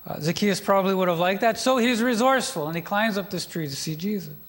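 High-voiced middle-aged male pastor. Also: quick pace, a bit bright. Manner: storytelling, with joking asides to the congregation. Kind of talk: sermon.

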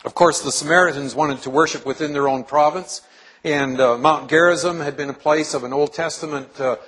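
A man's voice: a little high, steady tone, fairly quick, fairly bright tone, slightly rough, poor audio. A male pastor preaching a sermon to his congregation in a church, earnestly asking them questions.

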